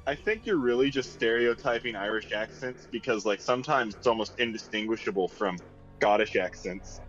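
A man's voice: mid-range voice, a little fast, fairly bright tone, faint music behind. Man with a dull, lo-fi sound. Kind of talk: running a tabletop game.

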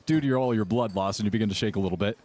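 A man's voice: on the low side, very fast, a little mellow. A man acting as game master, narrating a tabletop game in an easygoing, descriptive way.

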